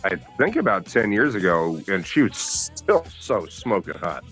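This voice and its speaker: A man's voice: on the low side, very animated, a little slow, a bit bright, soft background music. A man co-hosting a podcast, bantering casually and crudely and telling stories. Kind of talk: casual chat.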